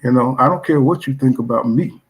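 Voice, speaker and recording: Hosting his own boxing channel, a man reacts bluntly and profanely to viewer comments in a casual chat. His medium-pitched voice moves a little fast, and he keeps repeating fillers like "you know what I'm saying."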